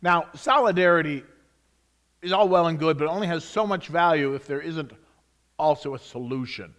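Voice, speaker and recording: A man preaching a sermon, swinging between loud emphasis and hushed whispers, reading scripture with rising excitement. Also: a little high, moderate pace.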